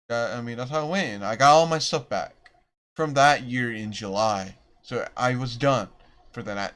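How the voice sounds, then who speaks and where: A man's voice: medium pitch, fairly bright tone. Rambling young man telling a storytime. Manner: rambling, self-deprecating, restarts often. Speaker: vlogger. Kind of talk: storytime vlog.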